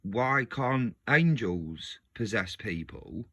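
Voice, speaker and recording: A man speaks slowly in a fairly low voice, musing casually to his video audience as host. He meanders, interrupts himself and restarts sentences repeatedly, staying animated and laughing often.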